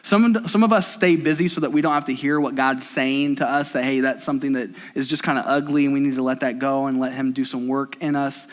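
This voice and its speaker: A man's voice: mid-range voice, steady tone, a little fast, few pauses. A man in his thirties preaching a sermon as pastor, emphatic and repetitive, building intensity.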